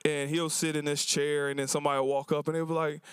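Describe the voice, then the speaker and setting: A man's voice: fairly high pitch, little pitch movement, fast talker, smooth, no echo. A man who runs a cafe, speaking at a symposium and telling stories about his customers in a casual, colloquial way, acting out their lines. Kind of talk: storytelling talk to an audience. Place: university symposium event.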